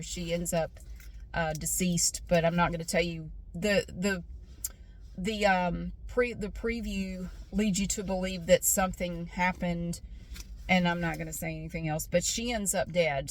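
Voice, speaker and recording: A woman vlogger in casual chat, rambling and irritated, with fillers and restarts, talking from a parked car outside a store. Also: on the low side.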